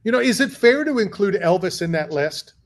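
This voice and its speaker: A man's voice: sits high, animated, fairly quick. A man hosting a talk radio show in casual chat, arguing his points and repeating words as he goes. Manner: repeats himself, argumentative.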